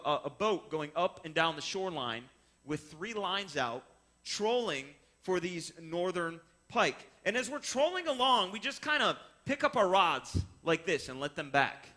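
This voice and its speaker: A man's voice: high-pitched, normal speed. A man telling a personal fishing story, explaining step by step and acting out the voices of the people in it. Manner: animated, acts out voices in his story. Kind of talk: personal story told to listeners.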